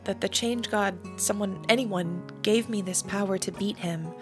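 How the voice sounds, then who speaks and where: A woman's voice: medium pitch, normal speed, lightly acted. A woman reading an uncertain young rogue. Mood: lost. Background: game music.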